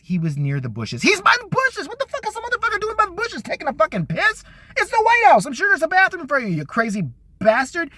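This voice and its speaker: A man ranting fast and angrily about politics, swearing constantly and mocking his targets. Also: sits high, sharp tone, dry recording. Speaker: vlogger. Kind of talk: profane political rant.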